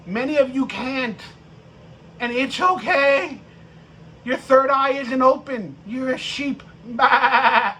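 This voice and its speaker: A man hosting a live-stream fan rant about football, profane and mocking, with bursts of shouting. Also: extremely high pitch, slow. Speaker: sports podcast host.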